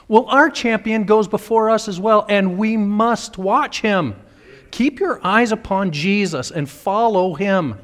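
A man preaching a sermon as a pastor, fervent and dramatic, acting out the voices he quotes. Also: high voice. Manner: fervent, acts out quoted voices with big swings. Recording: long reverb of a large hall.

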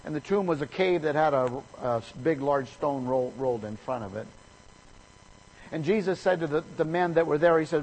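A man preaching a sermon, telling a story in an animated way and acting out the people in it with sudden rises in pitch and volume. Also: moderate pace, husky, low-quality recording.

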